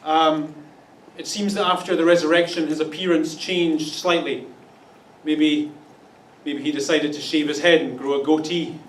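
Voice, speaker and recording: A man delivers an Easter sermon with a high, light voice and dry, joking asides. He sounds set back from the microphone, and his words ring through a large, echoey church hall. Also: fairly even intonation, normal speed, a little hiss or hum. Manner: wry, playful asides with mock voices. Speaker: pastor. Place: church auditorium. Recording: echoey room, distant mic.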